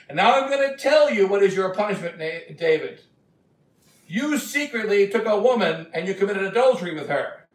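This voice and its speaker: High-voiced man preaching in an echoey church. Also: lively intonation. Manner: slow, emphatic storytelling preaching. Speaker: bishop preaching. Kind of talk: sermon. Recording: echoey church from a distant mic.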